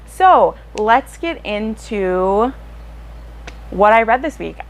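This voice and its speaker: A woman book vlogger chatting casually to her viewers, excitable and full of fillers. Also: mid-range voice, slow, a little hiss or hum, rough recording. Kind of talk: casual chat to camera.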